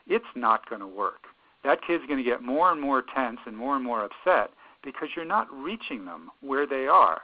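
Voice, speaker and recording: A man of middle pitch talks about sound and therapy in a measured, explanatory way. He draws some phrases out and circles back on his words now and then. The sound is thin and boxy, like a radio broadcast heard over a phone line. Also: very animated. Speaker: speaker on sound and music therapy.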